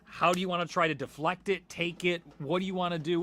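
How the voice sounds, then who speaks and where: A bright, fairly high-voiced young man runs a tabletop game, narrating scenes with animated energy. He jokes with players and swears freely between dramatic beats. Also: quick pace. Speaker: game master.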